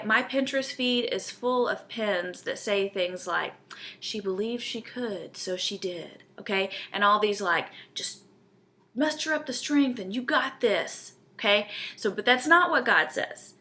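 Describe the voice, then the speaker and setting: A woman's voice: medium pitch, pushed and bright. A woman, teaching a Bible study in an earnest, conversational way and often checking in with her listeners.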